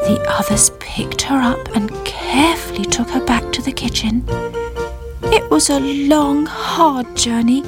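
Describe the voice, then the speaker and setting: Woman storyteller, high lively voice, children's story, music playing behind. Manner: lively, expressive storybook reading.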